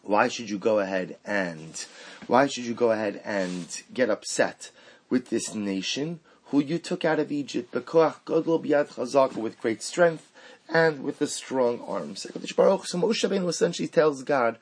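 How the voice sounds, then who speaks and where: A man teaching a Torah lesson, mixing Hebrew quotes into animated rhetorical questions. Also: mid-range voice, moderate pace, slightly rough, rough recording. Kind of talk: Torah class on the weekly portion.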